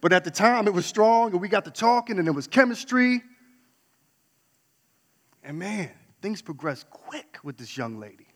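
A man from New York telling a candid personal story on stage, swinging between loud outbursts and hushed asides. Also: high-pitched, expressive, normal speed, long pauses. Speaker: speaker. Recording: long hall reverb.

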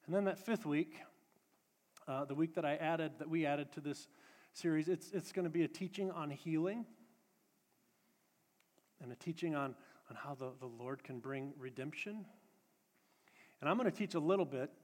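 A pastor delivering a sermon in a church sanctuary, building emphatic repeated phrases and then shifting to casual announcements. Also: male voice, a little high, normal speed, pauses often, big-room sound.

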